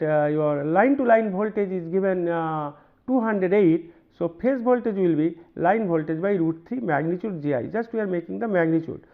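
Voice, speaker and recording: A man with an Indian English accent giving a university lecture, working through examples with many pauses, repeats and "right?" checks. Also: high-pitched. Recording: narrow phone-like band.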